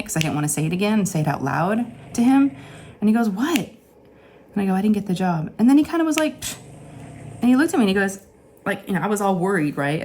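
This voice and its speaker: A craft channel host in her forties retells a personal story from her home craft room, loose, candid and emotional. Her deeper, low register sounds a little mellow, with a faint hiss of room noise behind her.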